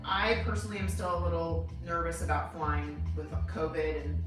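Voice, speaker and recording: A woman's voice: low-pitched, moderate pace, distant mic, music in the background. Chatty woman off-mic in an echoey room. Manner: chatty, teasing, reads questions aloud. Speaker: co-host reading viewer questions. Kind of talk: casual livestream chat.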